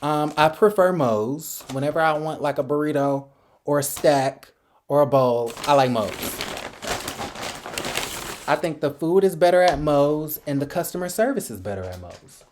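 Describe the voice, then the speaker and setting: A man's voice: fairly high pitch, lively intonation, moderate pace. A man hosting a casual mukbang vlog, talking bluntly in slang while he eats. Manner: chatty, blunt and slangy, talks while eating. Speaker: vlog host.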